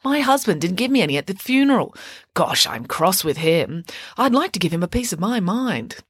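A woman's voice: lowish voice, big pitch swings, moderate pace, husky, no echo, clean studio sound. A woman doing a cunning sweet-talking schemer. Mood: mock indignant. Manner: falsely polite, wheedling.

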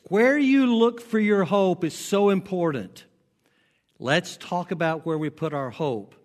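Male pastor, faint Southern accent, emphatic sermon delivery, mid-high voice, reverberant church hall. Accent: faint Southern American. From American South. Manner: emphatic, repeats key lines slowly for weight.

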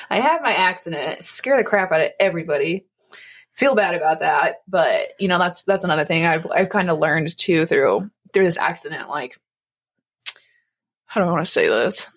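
Husky young woman chatting with fillers. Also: lowish voice, animated, normal speed. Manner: rambling, many fillers, laughs often. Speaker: podcast co-host. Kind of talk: casual faith podcast chat.

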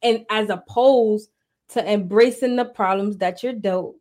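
A woman's voice: mid-range voice, a little slow, darkish tone. Woman cohosting a chill podcast, slangy, laughs a lot, talks right to the camera. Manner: slangy, laughs easily, talks to viewers directly. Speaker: podcast co-host. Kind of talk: casual chat.

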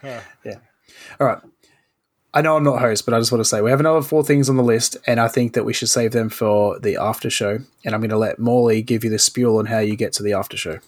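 A man's voice: medium pitch, steady tone, fast. A man who is a podcast regular in casual chat, making dry, blunt remarks.

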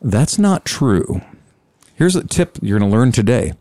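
Animated storytelling man, dry close sound. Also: medium pitch, measured pace, no echo. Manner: animated, acts out both sides of conversations. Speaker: scooter dealer telling a story. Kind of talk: casual storytelling on a podcast.

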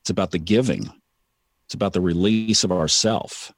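A man's voice: low-pitched, moderate pace, no room sound. A man talking casually in a podcast conversation, reflective and repeating phrases for emphasis. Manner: reflective, sermon-like repetition.

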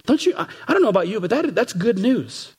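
A man's voice: high voice, big pitch swings, fast, a little mellow, slightly rough. A man preaching a sermon as pastor, emphatic, repeating phrases and acting out what people say. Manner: emphatic, repeats phrases, acts out quoted voices.

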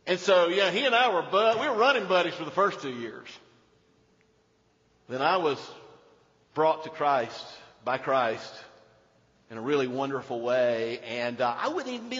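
A man preaching a sermon as pastor, animated, moving between loud emphasis and hushed storytelling. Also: fairly high pitch, moderate pace. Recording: dull sound in a reverberant hall.

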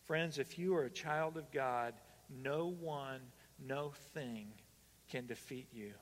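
Male pastor, slow deliberate delivery, sermon voice carrying through a long-reverb church hall, loud emphatic calls dropping to hushed lines. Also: medium pitch.

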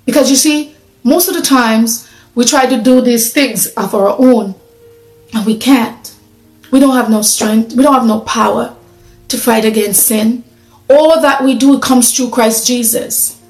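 A woman's voice: on the high side, unhurried, darkish tone, roomy sound, faint music behind, low-quality recording. A woman preaching a sermon in an earnest, conversational way, asking her listeners questions.

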